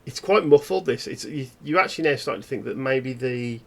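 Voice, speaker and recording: A man narrating a tabletop horror game as game master, in halting, descriptive storytelling. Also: mid-range voice, animated, gravelly, a bit bright.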